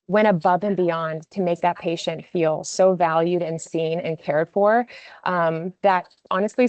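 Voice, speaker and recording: A woman hands out awards over a video call, her lower voice emotional and full of "um" fillers. The sound is dry and close, with almost no room around it. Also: no echo. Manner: emotional, filler-heavy, warm praise with frequent "um". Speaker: award presenter.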